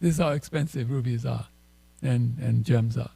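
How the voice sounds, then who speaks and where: A man's voice: medium pitch, normal speed, gravelly, mellow, breathy edge, no echo, poor audio. A man giving a sermon at a temple, telling stories in a conversational way with chuckles and asides. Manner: conversational, many fillers and "right?". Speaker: temple speaker.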